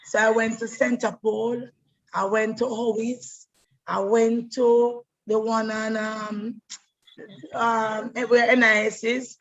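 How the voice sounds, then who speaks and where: A middle-aged actress, telling her life story in an animated way, often repeating words as she goes. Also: on the high side, slow, dull audio. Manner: animated, repeats words, breaks into voices and laughter. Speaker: stage actress. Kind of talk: personal storytelling monologue.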